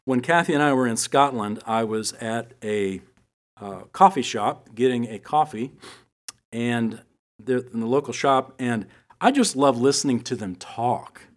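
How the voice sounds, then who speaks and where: A man's voice: mid-range voice, unhurried. A middle-aged man delivers a Bible teaching in an easy, conversational manner. He mixes scripture with personal anecdotes and light humor, his voice sitting in an ordinary middle range. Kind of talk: sermon with personal stories.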